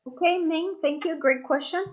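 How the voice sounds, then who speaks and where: A woman leading a live masterclass, talking warmly to her audience and acting out the voices people use on themselves. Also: extremely high pitch, moderate pace, lo-fi sound. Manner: expressive, acts out inner voices, addresses audience as "you guys". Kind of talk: live online masterclass talk.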